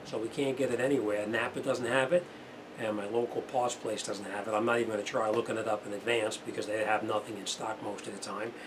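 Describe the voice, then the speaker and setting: A man's voice: lowish voice, flat delivery, fast talker. A middle-aged man, an auto mechanic, giving a plainspoken, chatty how-to demonstration in his repair shop. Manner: plainspoken, chatty, uses fillers. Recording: noisy shop background.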